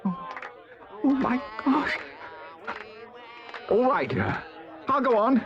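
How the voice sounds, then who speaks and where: A man's voice: very high-pitched, lively intonation, very slow, highs cut off, a crowd in the background, full character voice. An actor playing a timid male mole who stammers nervously. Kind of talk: stop-motion animation voice acting.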